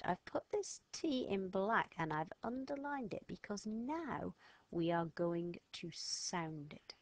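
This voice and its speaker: A woman's voice: mid-range voice, sing-song, slow, no room sound. A woman giving a step-by-step French lesson to children, patiently sounding out letters and words. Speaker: French teacher. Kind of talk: slow step-by-step lesson narration.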